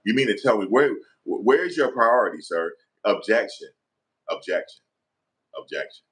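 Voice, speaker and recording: A man's voice: fairly low pitch, lively intonation, normal speed, a bit bright, slightly rough. A man playing a fired-up male defense lawyer in a comedic role-play, incredulous and pleading, who keeps rephrasing his questions. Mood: apologetic.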